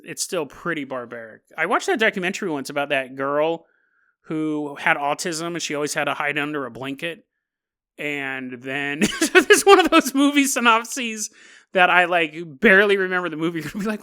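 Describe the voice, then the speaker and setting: On the high side, with a clean, pushed and bright tone, a man delivers a casual solo podcast monologue. He drifts loosely through a story, tossing in jokes and laughing often mid-sentence.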